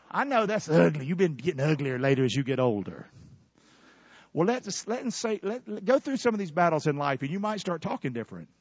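A man preaching a sermon, calling on his congregation to answer back and bursting out loudly before drawing words out for emphasis. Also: fairly high pitch, sing-song, breathy edge, dry recording, dull audio. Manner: preaching with sudden loud bursts and drawn-out emphasis. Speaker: pastor. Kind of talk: fiery sermon with call-and-response.

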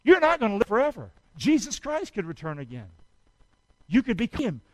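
A man preaching a sermon, calling on the congregation to repeat after him and swinging between shouts and quiet asides. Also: high voice, wildly swooping pitch, normal speed, no room sound, low-quality recording. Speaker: pastor.

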